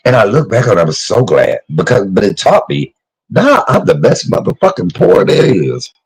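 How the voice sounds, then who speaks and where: A middle-aged man, a cooking vlogger, chats casually with viewers while he cooks, emotional and talkative, reading their live comments aloud and addressing people by name. His voice sits on the low side with vocal fry and a slightly rough texture, delivered at normal speed with lots of animation. The audio quality is poor.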